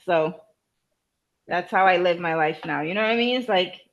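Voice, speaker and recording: A woman's voice: lowish voice, moderate pace, vocal fry, highs cut off. A woman from Cape Verde chatting casually as a guest, playful and laughing often. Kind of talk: casual chat.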